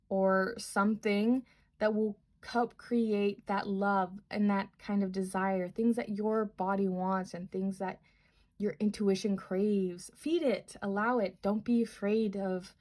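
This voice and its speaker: A woman's voice: medium pitch, darkish tone. A young woman giving a casual tarot reading, earnest and rambling with many fillers. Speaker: tarot reader.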